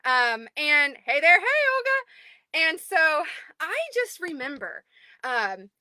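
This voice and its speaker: A woman in her thirties, the owner of an online group, chatting excitedly on a livestream from home and greeting viewers by name. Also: high-pitched, takes it slowly, dry recording. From United States. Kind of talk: casual livestream chat.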